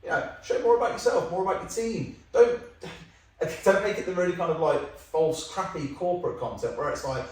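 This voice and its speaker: A man, a company founder guesting on a podcast, telling lively anecdotes in casual chat with some swearing. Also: sits high, moderate pace. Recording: very echoey room, mic at a distance.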